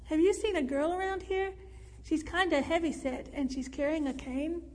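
Woman narrator playing a blunt, confused young man, high and halting, reverberant room. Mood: bewildered.

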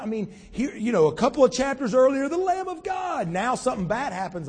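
A man preaching a sermon as pastor, animated and acting out Bible scenes in shifting voices. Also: extremely high pitch, brisk, few pauses, breathy edge. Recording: long church reverb.

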